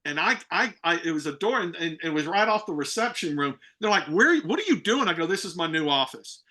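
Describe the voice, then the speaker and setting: Male guest on a video call: vivid storyteller, bright forceful tone, voices the other people in his anecdotes. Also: fairly high pitch, brisk. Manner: animated storyteller, acts out dialogue, many restarts. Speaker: guest speaker, real estate broker.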